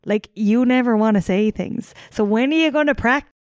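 A woman's voice: fairly high pitch, normal speed, a little mellow, no room sound, studio quality. A young Irish woman co-hosting a casual chat, talking loosely with lots of fillers and the odd swear. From Ireland. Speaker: podcast co-host.

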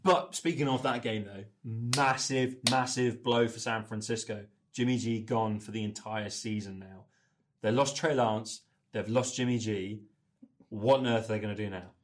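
A man's voice: on the low side, steady tone, moderate pace. A Welsh man hosts a casual sports podcast with friends. He teases his co-hosts and steers the chat from one point to the next. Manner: teasing, leads the talk and reads ad plugs. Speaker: podcast host.

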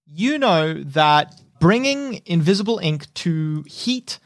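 Game master guy narrating, easygoing, kinda high voice, dry. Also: big pitch swings, slow pace, no room sound.

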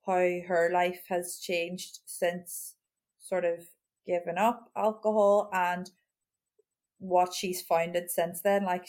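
A woman's voice: lowish voice, darkish tone. A woman talking casually about a book on a podcast, easygoing and thoughtful. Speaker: podcast co-host.

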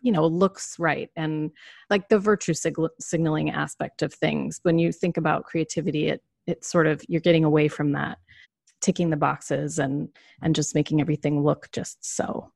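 A woman's voice: low voice, flat delivery, moderate pace, gravelly, a little mellow, dry recording, clean studio sound. A woman co-hosting a casual talk show, rambling a bit and often saying "like" as she thinks. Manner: rambling, uses "like" a lot. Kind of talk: casual conversation.

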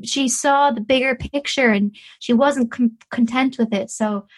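A woman's voice: a little high, unhurried. A woman guest on a casual podcast, chatty and enthusiastic, saying "like" a lot. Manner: chatty, enthusiastic, uses 'like' often.

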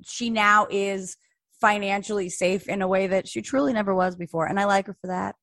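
A woman's voice: mid-range voice, fairly even intonation, a bit bright, no room sound. Chatty woman podcast co-host, dry sound. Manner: quick, chatty, talks about astrology. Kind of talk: casual chat.

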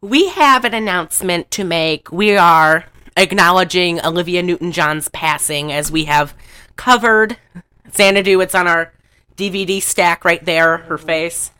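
A woman's voice: on the low side, a little slow, sharp tone, smooth. A woman co-hosting a podcast in a rambling, giggly casual chat. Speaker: podcast co-host.

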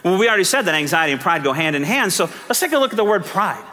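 A man preaching a sermon as pastor, moving from quiet teaching to fervent, almost shouted appeals. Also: on the high side, big pitch swings, fast talker, few pauses, in a large hall.

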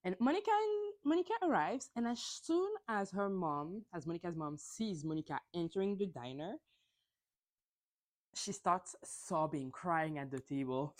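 A woman hosts a casual solo podcast, recapping events in a chatty, gossipy way and swearing freely. Her voice is fairly low but swings widely in pitch, and she jumps into high, mocking voices whenever she acts out a quote. She sounds animated and speaks at a normal speed.

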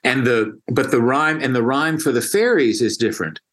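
Brief: male guest, mid-pitched, eager explainer who stumbles and restarts. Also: normal speed, fairly bright tone. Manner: enthusiastic, frequent restarts and repeated words. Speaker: music guest explaining opera. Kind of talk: casual explanatory chat.

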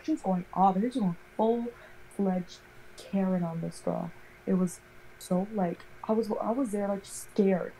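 A young woman chats casually, rambling through a story and peppering it with "like". Her voice sits in a middle pitch with a soft, mellow tone. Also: normal speed, slight background noise, poor audio. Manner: rambling, animated storytelling full of "like". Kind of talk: casual chat.

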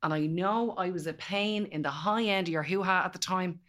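A woman's voice: fairly low pitch, brisk, fairly bright tone. A woman with a Dublin Irish accent, a guest on a casual podcast chat, telling stories in an emphatic, colloquial way. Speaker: guest, empowerment specialist.

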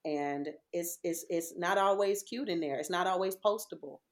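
A woman's voice: on the low side, normal speed. A woman in her thirties or forties, a podcast guest chatting casually and telling stories with lots of laughter. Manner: animated storyteller, laughs often.

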